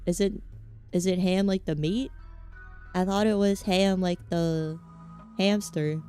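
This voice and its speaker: A woman's voice: on the low side, fairly even intonation, takes it slowly, warm tone, clear, resonant tone, soft background music. A woman streamer with a Southern American accent chatting casually over a game in a meandering, self-mocking way. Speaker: VTuber streamer. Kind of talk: casual gaming-stream chat.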